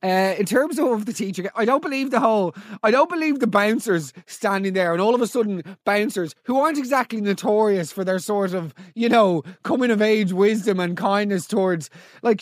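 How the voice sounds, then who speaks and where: A man's voice: high voice, animated, a little fast, no room sound, clean studio sound. A man hosting a comedy podcast, ranting in incredulous disbelief and swearing freely as he roasts listeners' stories. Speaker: podcast host.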